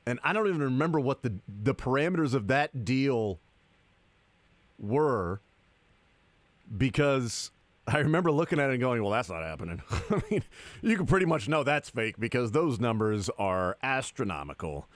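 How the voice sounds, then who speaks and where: A man hosting a sports talk radio show, speaking into a studio microphone with a dry, sarcastic, deadpan manner. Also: mid-range voice, moderate pace, dry recording.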